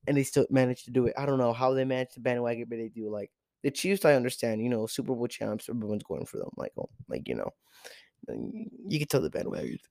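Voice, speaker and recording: A man's voice: mid-range voice, expressive, fairly quick, gravelly, dark tone, dry recording. A teenage boy hosting a podcast, ranting in an exasperated, profane way with lots of repeated rhetorical questions. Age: teens. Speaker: podcast host. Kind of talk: solo sports rant.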